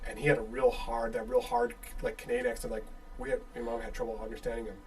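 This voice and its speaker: A young man from the Chicago suburbs with a Chicago accent, telling animated stories in casual chat and mimicking the voices he quotes. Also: medium pitch, quick pace, vocal fry, a little hiss or hum. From Chicago suburbs, USA.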